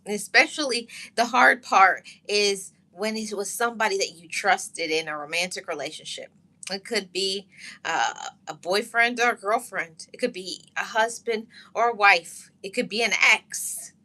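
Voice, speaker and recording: A woman with a bright, clear voice tells her own story of heartbreak to viewers she calls loved ones. She speaks heartfelt and earnest, repeating herself and restarting lines as she fights back tears. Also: mid-range voice. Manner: heartfelt, repetitive, pausing and restarting, greets live chat. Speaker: channel host sharing her story. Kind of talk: emotional personal testimony to viewers.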